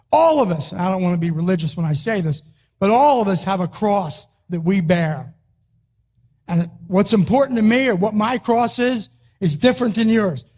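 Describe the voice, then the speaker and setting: A man delivers a rousing motivational talk, his voice pitched high for a man. He hammers short phrases again and again like a wrestling coach pushing his team. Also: a little mellow. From Philadelphia, US. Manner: emphatic, punchy, repeats short phrases. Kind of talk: motivational speech.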